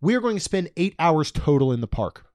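A man's voice: a little high, very animated, fairly quick, a little mellow, no echo, studio quality. A man co-hosting a podcast in casual chat, reading out prices with jokey asides. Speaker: podcast co-host. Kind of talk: casual podcast chat about theme park costs.

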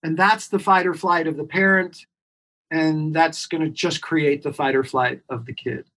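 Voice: medium pitch, steady tone, normal speed, fairly bright tone. A clinician guest in an interview, explaining earnestly and emphatically and repeating key points. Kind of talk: expert explaining on a podcast interview.

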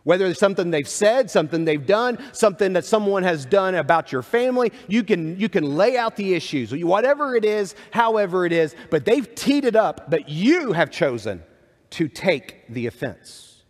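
A man's voice: high-pitched, very animated, normal speed. A man preaching a sermon, reading scripture aloud and adding conversational asides. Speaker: pastor. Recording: long hall reverb.

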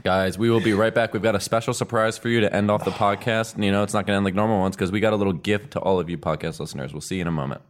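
A young man hosting a comedy podcast, bantering with quick, repeated interjections. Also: lowish voice, steady tone. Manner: quick, repetitive interjections, jokey. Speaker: podcast host.

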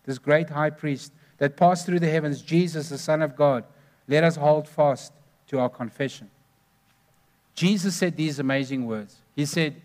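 A man's voice: a little high, a little slow, darkish tone. A man preaching a sermon, telling stories earnestly and stressing numbered points.

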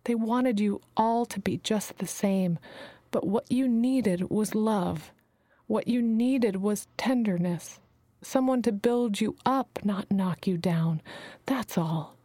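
A woman's voice: medium pitch, slow, warm tone, dry recording. A woman voicing a motherly female healer who calls everyone her babies, speaking soothingly and sometimes dropping to a whisper, in a dry recording. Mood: encouraging. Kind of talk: audiobook character reading.

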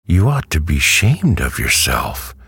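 A man voicing an earnest, insistent little country girl in a storybook reading, his husky voice lifted higher. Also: wildly swooping pitch, slow, a bit bright, dry recording, clean studio sound, full character voice.

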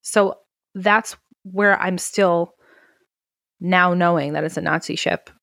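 A woman's voice: fairly low pitch, steady tone, takes it slowly, vocal fry, fairly bright tone, no echo, studio quality. A woman casually recapping a film on a podcast, acting out the characters' lines with plenty of swearing. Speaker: podcast co-host. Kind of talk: casual movie recap chat.

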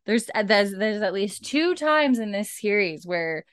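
A woman's voice: medium pitch, expressive, unhurried, clean tone, no echo, clean studio sound. A woman hosting a podcast, recapping a TV episode in a chatty, rambling way full of "like" and "um". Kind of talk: casual chat.

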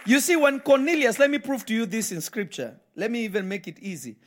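A man's voice: extremely high pitch, sing-song, a little fast, fairly bright tone, some chatter behind, a little hiss or hum. A man preaching a live sermon in church, emphatic and firing repeated questions at the congregation. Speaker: pastor.

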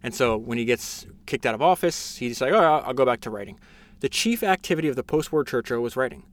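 A man's voice: mid-range voice, expressive, fast talker. A man hosting a casual podcast, summarizing a biography with enthusiasm, reading passages aloud with frequent fillers and restarts. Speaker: podcast host.

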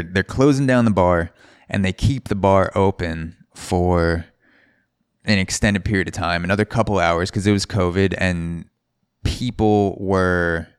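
A man with a very deep, low voice telling a story on his solo podcast. He rambles casually and keeps correcting himself. The sound is dry and close. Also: smooth, no echo. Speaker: podcast host.

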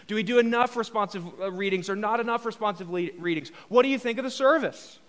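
A man's voice: sits high, quick pace, fairly bright tone. A man preaching a live sermon as pastor, casual and joking, asking the congregation rhetorical questions. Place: church hall with a congregation.

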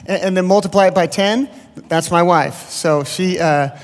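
A man in his thirties with a high voice speaks from a church stage, warming up the room before his sermon. He rambles through easygoing stories, heavy with fillers and restarts. The sound rings in a large hall with long reverb. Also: moderate pace. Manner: chatty, self-deprecating, many fillers. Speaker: guest pastor. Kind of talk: sermon introduction, casual storytelling.

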